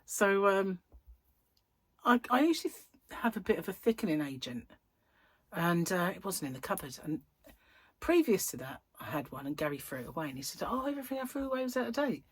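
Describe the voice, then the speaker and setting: A middle-aged woman with a husky voice, hosting a rambling, casual chat and telling anecdotes with frequent laughs. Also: on the low side, expressive, normal speed. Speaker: host.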